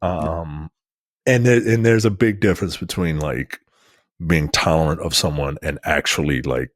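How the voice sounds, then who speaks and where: A man's voice: extremely low pitch, measured pace, no echo, clean studio sound. A man co-hosting a film review chat, casually retelling scenes with lots of fillers and asides. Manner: casual, animated retelling of scenes with acted-out quotes. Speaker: film review podcast co-host. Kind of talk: casual conversational film discussion.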